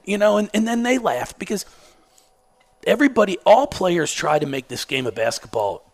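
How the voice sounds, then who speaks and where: A man's voice: sits high, lively intonation, moderate pace. A middle-aged man, a basketball coach who stutters, telling self-mocking stories in a sarcastic, laid-back way. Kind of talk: casual storytelling interview.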